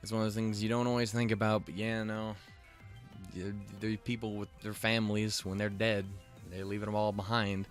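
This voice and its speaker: A man with a somewhat low voice talks through an episode in a loose, rambling recap. He restarts his sentences often and swears offhand. Soft music plays faintly underneath. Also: level tone, fairly quick. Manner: rambling, lots of fillers and restarts, swears casually. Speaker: show reviewer.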